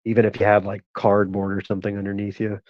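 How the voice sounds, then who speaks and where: A man's voice: lowish voice, completely flat delivery, fast, dry recording. A man hosting a show, telling a rambling, profane personal story and laughing at it. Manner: rambling, profane, laughs at his own stories. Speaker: host. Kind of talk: casual storytelling. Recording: dull, dry lo-fi sound.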